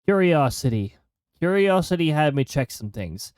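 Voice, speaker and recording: A man's voice: fairly high pitch, big pitch swings, normal speed, a little mellow, no room sound, clean studio sound. A man casually commenting as he streams a role-playing game, chatty and joking, sometimes reading game lines aloud.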